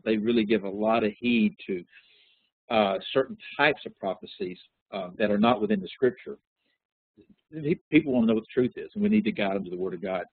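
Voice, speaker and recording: Male Bible teacher, low and husky, conversational, tinny phone audio. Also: dry recording. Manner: relaxed, conversational teaching with frequent fillers. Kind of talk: interactive Bible lesson.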